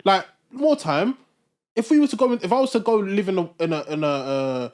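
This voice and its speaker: A man, a podcast co-host in casual discussion, talking quickly with many restarts and repeated words. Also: high voice, animated, darkish tone.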